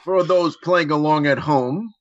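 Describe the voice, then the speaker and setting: A man hosting a casual show as "coach", loud and joking with his co-hosts. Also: a little high, a little slow, dry recording. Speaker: podcast host calling himself coach. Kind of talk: casual banter. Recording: dull, dry lo-fi recording.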